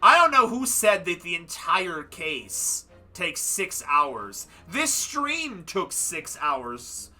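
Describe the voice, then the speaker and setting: Bright-voiced, tired young man chatting. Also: high-pitched, sing-song, slow, few pauses, soft background music. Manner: chatty, rambling, self-deprecating. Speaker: livestreamer. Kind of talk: casual chat wrapping up a game stream.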